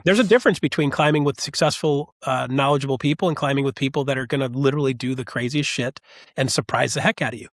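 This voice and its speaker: Man, podcast guest, lively storyteller, mid pitch, dry close sound. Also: quick pace, no echo. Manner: animated storyteller, acts out quoted voices. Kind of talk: casual storytelling chat.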